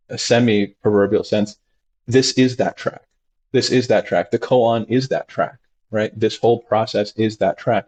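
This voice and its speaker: Animated doctor telling stories. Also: male voice, lo-fi sound. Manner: acts out patients in sudden high voices. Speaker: doctor and guest. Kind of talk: animated conversational storytelling.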